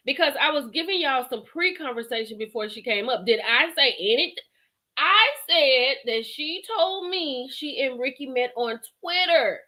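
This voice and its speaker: Her voice sits high and moves at a normal speed as she hosts a live stream, chatting with viewers and reading out their comments. She's lively, laughing a lot, with a chatty, Southern-flavored slang.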